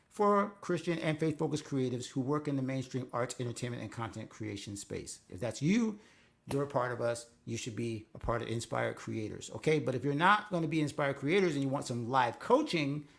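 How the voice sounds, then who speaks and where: A man's voice: medium pitch, vocal fry. A man hosting a faith-based coaching live stream, talking earnestly and conversationally, rambling with restarts. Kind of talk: casual live-stream talk.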